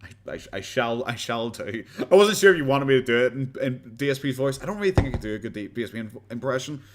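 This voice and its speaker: A man's voice: medium pitch, expressive, fast, noisy background. A man with an Irish accent hosting a live stream and chatting casually with viewers. He talks in a rambling, blunt way, swears freely, restarts his sentences and laughs often. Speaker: livestream host.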